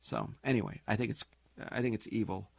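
A man hosting a financial talk radio show, talking in an animated, sarcastic way. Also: on the low side, fairly quick, gravelly, no room sound. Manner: animated, sarcastic, mocks others in put-on voices.

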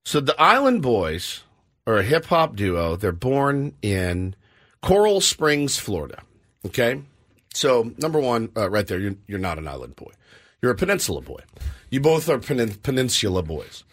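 A middle-aged man hosting a morning radio show, rambling and laughing in casual banter. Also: mid-range voice. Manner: animated, rambling, quick to laugh.

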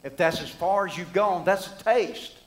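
Middle-aged man, preacher, sermon, folksy, high voice, conversational, rhetorical questions. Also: moderate pace, poor audio.

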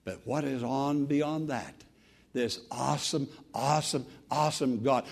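A man's voice: mid-range voice, unhurried. A man preaching an earnest sermon, building to emphatic exclamations. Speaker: pastor.

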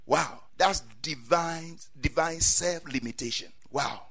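A man preaching a sermon, swinging from quiet asides to loud cries and saying amen often. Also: a little high, takes it slowly, creaky, breathy edge.

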